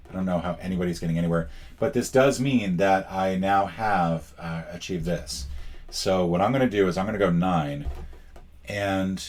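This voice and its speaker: A man's voice: deep voice, normal speed. A man playing a solo board game and commenting as he goes, wry and self-mocking, thinking aloud and counting out spaces. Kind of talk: casual playthrough commentary.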